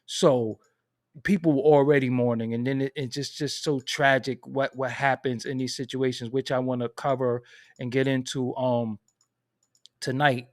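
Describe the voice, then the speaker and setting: Dude ranting on his stream, aave, goes from low mumbles to squeaky high, dry close mic. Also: normal speed, no room sound. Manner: animated venting, swings from low mutters to high outbursts. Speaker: commentary channel host. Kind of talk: casual livestream commentary.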